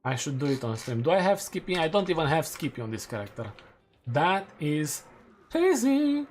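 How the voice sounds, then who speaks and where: A young man chats loosely with his viewers as he plays, his voice sitting a little higher than most men's. He thinks out loud, hedges and takes back what he just said. A soft hum of ambience runs underneath. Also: expressive, fairly quick. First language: Romanian. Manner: rambling, thinking aloud, hedging and correcting himself. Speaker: streamer. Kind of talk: casual live-stream chat while gaming.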